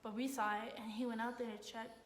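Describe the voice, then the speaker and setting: A woman's voice: a little high, a little fast. A young woman, a college student, telling a story in a casual, rambling way with lots of "like". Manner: rambling, heavy use of "like", excited retelling. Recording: echoey room, faint noise.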